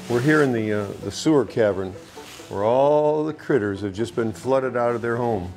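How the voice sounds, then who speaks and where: A man's voice: mid-range voice, normal speed, darkish tone, faint music behind. A man who voices a character, chatting casually and dryly joking on an animation set. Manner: dry, joking. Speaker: voice actor. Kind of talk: casual behind-the-scenes chat.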